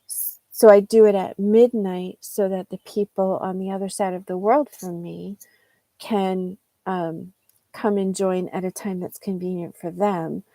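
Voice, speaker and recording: New england woman rambling thru a live english lesson, gravelly low-key voice, dry close sound. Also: fairly even intonation, a little slow, dark tone, no room sound. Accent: New England American. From United States. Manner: chatty, rambling, many fillers and restarts. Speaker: English teacher.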